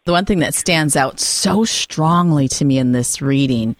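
A woman hosting a Catholic radio discussion program, talking in an expressive, earnest, emphatic way. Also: low-pitched, measured pace, dry recording, clean studio sound. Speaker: radio host.

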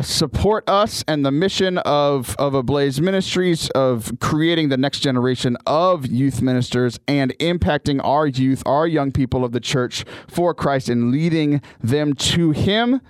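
A man's voice: mid-range voice, clear, resonant tone, no room sound. A man hosting a faith podcast from a studio, talking in an earnest, upbeat way and often restarting his sentences. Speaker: podcast host and youth missionary. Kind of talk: casual podcast talk.

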